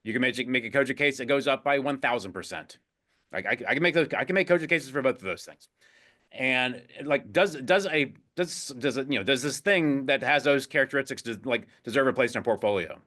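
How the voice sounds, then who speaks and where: Brief: male finance guest, quick, bright and forceful tone, stumbles and restarts often. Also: mid-range voice. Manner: halting, many restarts and fillers. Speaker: guest, chief investment officer. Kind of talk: casual interview talk.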